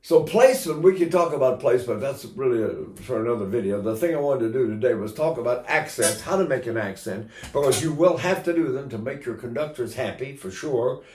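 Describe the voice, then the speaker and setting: A man's voice: medium pitch, expressive, brisk, hardly any pauses, a little mellow, echoey room, slight background noise. An older man teaching singing in a casual, rambling way, breaking into sung vowels to demonstrate.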